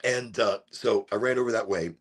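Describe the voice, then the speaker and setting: A middle-aged man from Chicago telling a rambling story on a live stream, animated and swearing, with sudden shouts when he acts out voices. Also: lowish voice, moderate pace. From Chicago, USA. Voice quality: gravelly and husky. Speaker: streamer hosting a smoke session.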